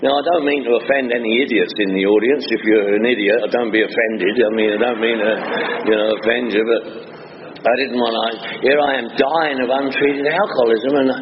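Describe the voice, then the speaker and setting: A man's voice: medium pitch, steady tone, a little fast. A man from northwest London with a London accent, giving a humorous recovery talk to a meeting audience as a wisecracking storyteller. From northwest London, England. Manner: wisecracking storyteller, chatty with many asides. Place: meeting hall before an audience. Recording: dull reverberant hall recording with faint hiss.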